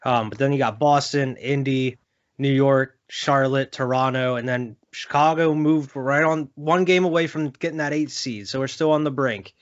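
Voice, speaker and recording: A man's voice: mid-range voice, normal speed, lo-fi sound. A young man co-hosting a sports podcast, talking loosely with lots of fillers and laughs. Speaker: podcast co-host. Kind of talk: casual sports chat.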